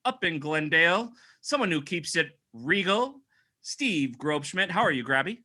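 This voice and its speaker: A man's voice: on the high side, lively intonation, measured pace, pushed and bright. A man hosting a casual wrestling podcast over a video call, upbeat and introducing his co-hosts. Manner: upbeat, hypes up the guests. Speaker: podcast host.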